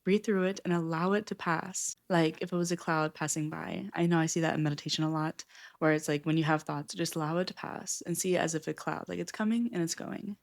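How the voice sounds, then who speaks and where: Young woman w a low voice doing a candid self-help vlog, earnest, lots of "like". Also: steady tone, a little fast, vocal fry. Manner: earnest, open, with frequent "like" fillers. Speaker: self-help book vlogger. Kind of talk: candid personal reflection.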